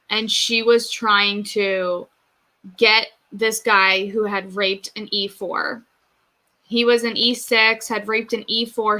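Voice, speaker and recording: A woman's voice: fairly high pitch, pushed and bright, rough recording. A woman talking as a guest on a casual podcast, earnest and emphatic.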